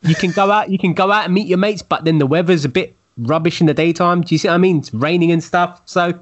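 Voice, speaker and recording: Rambling high-voiced man on a video call. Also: fast, lo-fi sound. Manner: rambling, loose, many fillers. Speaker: podcast co-host. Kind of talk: casual chat on a video call.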